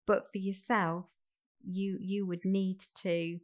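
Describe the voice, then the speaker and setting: In a role-played phone call, a fostering recruitment manager with a Birmingham accent kindly walks through the next steps one by one, friendly and reassuring. Her voice is medium-pitched and level, at a slow pace.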